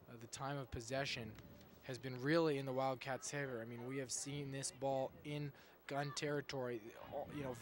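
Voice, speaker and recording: A young man giving color commentary at a high school soccer game, talking with many hesitations and restarts. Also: slight background noise. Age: young adult. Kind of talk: live sports commentary. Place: outdoor soccer field.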